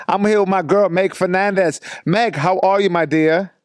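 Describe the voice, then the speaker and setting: A man's voice: high-pitched, steady tone, moderate pace, clear, resonant tone, no room sound, clean studio sound. A man hosting a casual podcast chat, joking around with loose street slang. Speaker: podcast host. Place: small studio.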